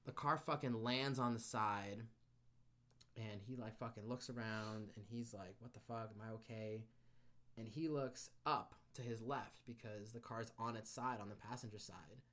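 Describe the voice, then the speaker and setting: Speaking at an ordinary pace in a lowish voice, this podcast guest recounts a story with casual animation. He curses liberally and performs other people's lines as he goes.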